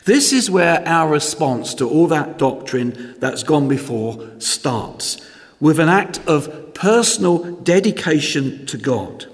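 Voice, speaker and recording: Guy preaching a sermon real slow and measured, asks questions to the room, long echoey church sound. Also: fairly high pitch, expressive.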